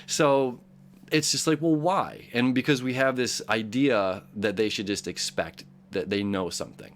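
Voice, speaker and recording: A man's voice: on the low side, normal speed, a little hiss or hum. A man hosting a casual daily horoscope talk, earnest and encouraging, rambling with frequent restarts and repeated words. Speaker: astrology show host.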